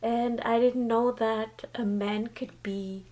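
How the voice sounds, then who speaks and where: A woman in her thirties, talking through a chatty get-ready-with-me vlog with lots of fillers, emotional and warm toward her viewers. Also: fairly high pitch, fairly even intonation, takes it slowly. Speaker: beauty vlogger.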